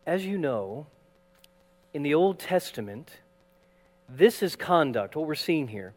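High-voiced preacher in a reverberant hall. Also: male voice, big pitch swings, measured pace. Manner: dramatic, swings between loud acted quotes and hushed asides. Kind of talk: sermon. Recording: long reverb of a large hall, faint mains hum.

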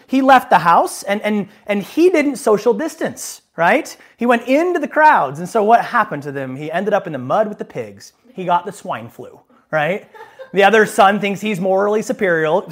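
A male pastor giving a sermon in a conversational, joking style, breaking into self-deprecating asides. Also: high voice.

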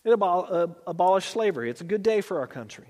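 A man preaching a sermon as pastor, reading scripture slowly and then building with rising emphasis. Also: sits high, animated, a little mellow, long reverb tail.

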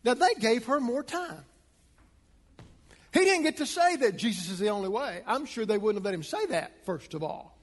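A man preaching a sermon as a pastor, speaking emphatically and building to forceful points. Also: big pitch swings, moderate pace, big-room sound. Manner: emphatic, rising to a preaching pitch.

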